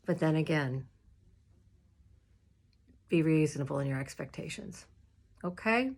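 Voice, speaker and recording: A woman minister talks to fellow clergy in a loose, heartfelt way. Her voice sits fairly low and she takes her time with each phrase. Fillers and soft laughs run through her speech. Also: animated, a little slow, pauses often. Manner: warm, chatty, emotional, with many fillers and laughs. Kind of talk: casual advice talk to clergy. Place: home room with a squeaky chair.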